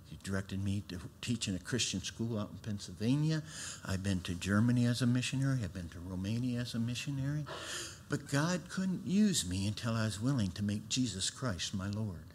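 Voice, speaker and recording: A man's voice: fairly low pitch, expressive, a little fast, a little hiss or hum. Folksy man preaching his testimony. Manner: folksy storytelling, swings from loud to hushed. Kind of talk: sermon testimony.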